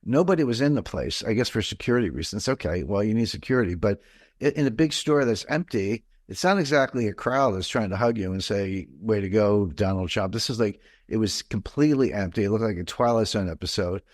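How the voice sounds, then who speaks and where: Fairly low-pitched but with lively intonation, this middle-aged mid-Atlantic man talks fairly quickly, captured with dry, clean studio sound. As a guest in a conversational interview, he wanders off on tangents, full of fillers and restarts.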